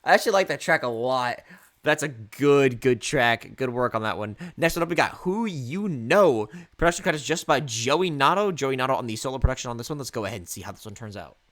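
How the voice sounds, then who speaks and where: A man's voice: mid-range voice, lively intonation, fairly quick, a bit bright. Rambling man reviewing an album. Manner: rambling, swears, repeats himself. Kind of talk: casual reaction commentary.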